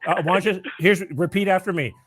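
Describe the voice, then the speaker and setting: A man's voice: high-pitched, fast talker, fairly bright tone, slightly rough. Emphatic talk-show host, a man. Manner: emphatic, repetitive, stumbles over words.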